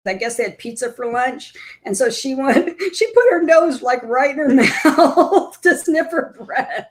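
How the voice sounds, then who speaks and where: A woman's voice: high-pitched, expressive, a little slow. A woman hosting a casual live stream, chatting with viewers and cooing at her puppy.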